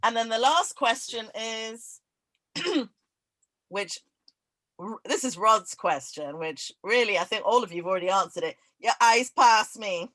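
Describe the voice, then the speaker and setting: A woman hosting an online quiz over a video call, laughing often and reading each question twice, slowly. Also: mid-range voice, lively intonation, pushed and bright, no echo, rough recording. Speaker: event host running a quiz. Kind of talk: casual online event chat.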